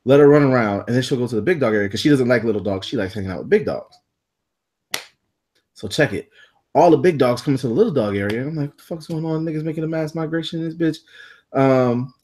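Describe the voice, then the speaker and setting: Podcast guy telling a wild story, pitch all over the place, swears a lot, does little voices for everyone. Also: husky. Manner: animated, profane, acts out voices. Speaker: podcast co-host. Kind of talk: casual storytelling.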